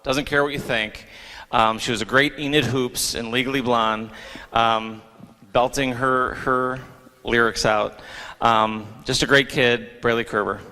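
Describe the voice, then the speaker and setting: A man at a school awards ceremony gives a casual, joking speech, full of ums and little restarts. His voice is bright and forceful, and it rings with the long reverb of a big auditorium. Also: mid-range voice. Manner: joking, hesitant with many ums. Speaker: theater director presenting awards. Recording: long reverb of a large hall.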